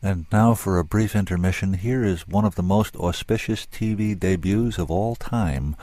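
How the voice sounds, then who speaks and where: Deep-voiced man reading a story. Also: no echo. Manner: measured, expressive storytelling. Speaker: radio host and reader. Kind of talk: reading fiction aloud.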